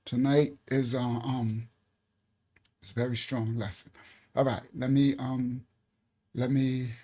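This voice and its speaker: Slow and warm, a man's mid-range voice shows little pitch movement as he leads a casual Bible lesson over a livestream desk mic. He stays loose and chatty, laughing often and saying "all right" a lot.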